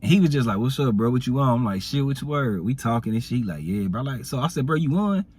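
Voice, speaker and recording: Husky-voiced man telling a rambling story. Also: mid-range voice, animated, fast talker, darkish tone. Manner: rambling, slangy, acts out quoted dialogue. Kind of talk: casual storytime.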